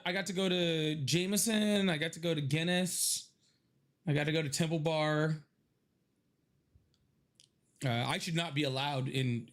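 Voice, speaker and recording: Guy streaming live, kinda high voice, rambly and jokey, laughs a lot, bit stuffed up. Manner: rambling, joking, laughs often. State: stuffy from allergies. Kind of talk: casual chat to a live audience.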